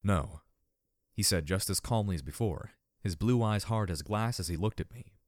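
A man narrating an audiobook in an expressive, dramatic way. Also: fairly low pitch, brisk, dry recording, clean studio sound.

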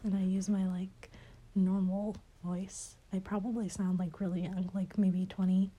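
A young woman answering questions in a casual chat, hesitant and rambling with many fillers and soft laughs, her voice a bit stuffy as if she has a cold. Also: medium pitch, steady tone, unhurried. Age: young adult.

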